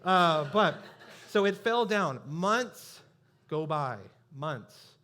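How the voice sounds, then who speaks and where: High-voiced pastor telling a story. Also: male voice, animated, drawn-out words, pushed and bright. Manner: conversational storytelling, self-deprecating asides. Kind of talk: sermon.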